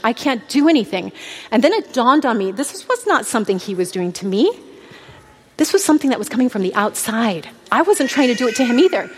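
A woman in her thirties preaches a personal testimony, earnest and heartfelt. Her voice sits a little high for a woman. A long hall reverb trails behind every phrase, as in a church sanctuary. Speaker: speaker at a church.

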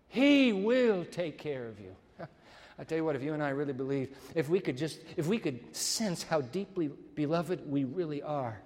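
A male pastor with a high, bright voice delivers a sermon in a church sanctuary. His words ring out with a long reverb tail. He moves from loud, emphatic declarations to hushed, almost whispered passages.

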